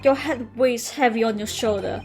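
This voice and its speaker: A woman reading the lines of a pompous gentleman detective aloud from a game, with stumbles over the florid words. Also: a little high, fairly even intonation, normal speed, faint music behind, natural voice. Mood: grandiose.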